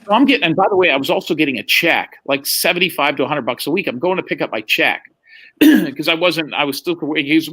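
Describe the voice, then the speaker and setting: A man's voice: on the high side, expressive, fast, sharp tone, breathy edge. A man telling anecdotes on a live stream chat, laid-back and profane. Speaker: guest.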